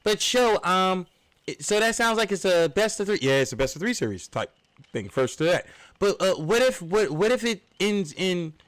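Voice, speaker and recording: A man's voice: sits high, sing-song, moderate pace, fairly bright tone, no room sound. A man voicing an imagined viewer who keeps asking hesitant questions about the rules. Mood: questioning. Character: curious adult male viewer pestering with questions.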